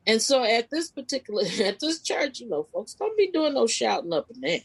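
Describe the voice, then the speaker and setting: Expressive woman telling a spiritual story. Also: a little fast, breathy edge, rough recording. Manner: animated, expressive retelling with sudden pitch leaps; casual, informal phrasing with restarts. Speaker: podcast guest, spiritual life coach. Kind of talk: personal storytelling in a conversation.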